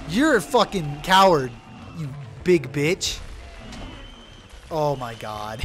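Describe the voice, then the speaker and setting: A young man giving loud, profane let's play commentary, yelling at his game companion. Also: a little high, extremely slow, pauses often, faint music behind. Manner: excitable, swears loudly, yells at his companion. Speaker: gaming video creator.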